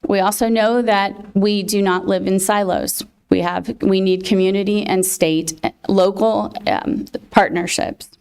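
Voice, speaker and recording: A woman's voice: medium pitch, fairly even intonation, gravelly, darkish tone, clean tone. Woman presenter at a public meeting, hesitant and filler-heavy, mid-range voice. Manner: halting, many fillers, emotional thanks. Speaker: presenter of a college access program.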